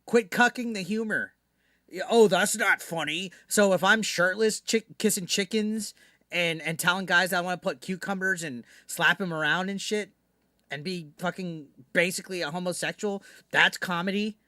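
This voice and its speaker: A man's voice: high-pitched, steady tone, moderate pace, pushed and bright, no room sound, clean studio sound. A man streaming live, ranting to his chat in a brash, profane, mocking way.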